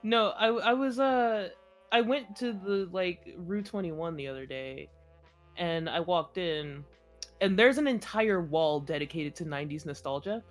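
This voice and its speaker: A woman's voice: lowish voice, unhurried, faint music behind. A young woman chatting casually as co-host, telling rambling stories with lots of laughter. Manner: giggly, rambling, animated storytelling. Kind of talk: casual chat.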